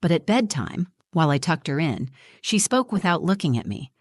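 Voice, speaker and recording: A woman reading a scripted first-person story as a mother, in a steady, even storytelling manner. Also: sits low, moderate pace, husky, no echo, studio quality.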